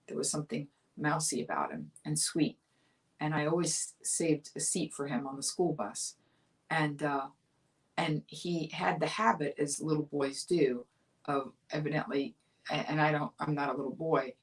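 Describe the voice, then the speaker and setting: A woman in her fifties from Florida, with a low, grounded voice, hosts her own livestream talk show. She tells a childhood story in a chatty, amused way and laughs as she talks. Her voice sounds a little distant from the microphone. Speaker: comedian host of a weekly livestream talk show. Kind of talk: casual storytelling monologue.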